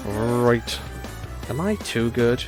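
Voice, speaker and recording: A man's voice: mid-range voice, animated, extremely slow. A man chatting casually as he streams a racing game, laughing often and reading chat aloud. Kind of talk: casual gameplay commentary. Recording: game music behind the voice.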